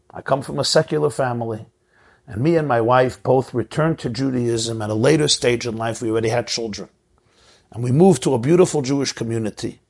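A middle-aged rabbi giving an earnest, emotional sermon, telling a story and repeating phrases for emphasis. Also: male voice, medium pitch, creaky, slightly rough.

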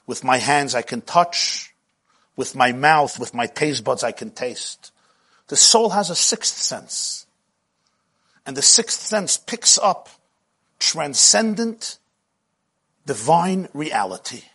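A man's voice: medium pitch, expressive, slow, long pauses, pushed and bright, husky. A middle-aged man giving a spiritual lecture as a Jewish teacher, with rhythmic, repetitive phrasing that often builds with passion.

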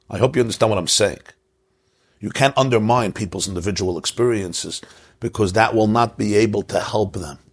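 Gravelly-voiced man telling a teaching story. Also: on the low side. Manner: storytelling, rising to emphasis. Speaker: Jewish religious teacher. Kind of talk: sermon with a told joke.

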